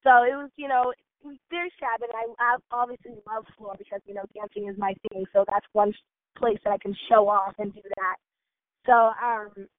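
A woman's voice: fairly high pitch, dry recording. A young woman in her twenties, a gymnast and dancer, chatting casually as an interview guest with lots of fillers. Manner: bubbly, chatty, many fillers. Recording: tinny phone-like line, dry.

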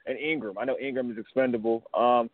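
A man calling in as a reporter guest, quick and joking, with slangy casual talk. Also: medium pitch, steady tone, a crowd in the background. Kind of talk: casual sports radio talk. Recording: dry, phone-like line.

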